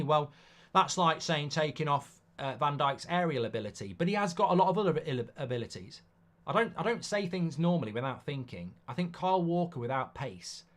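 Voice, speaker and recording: A man's voice: on the high side, fairly bright tone. A middle-aged man, hosting a live football watchalong in a chatty way and reading out viewer comments. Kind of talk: casual live-stream chat.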